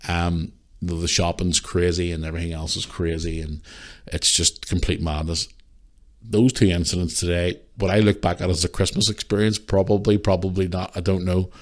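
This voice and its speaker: A young man, hosting a podcast and telling a story in an animated, swearing rant. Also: low-pitched, moderate pace. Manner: animated ranting, swears freely. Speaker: podcast host. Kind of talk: casual storytelling monologue.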